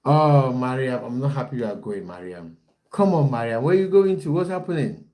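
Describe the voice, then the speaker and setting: A young man hosts a relaxed football livestream, talking to his viewers in a warm, mellow voice. He chats loosely, breaks off often and restarts his sentences, and reads out their comments as they arrive. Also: medium pitch, a little fast. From based in the United Kingdom. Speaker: football coach and livestream host. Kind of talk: casual livestream chat with viewers.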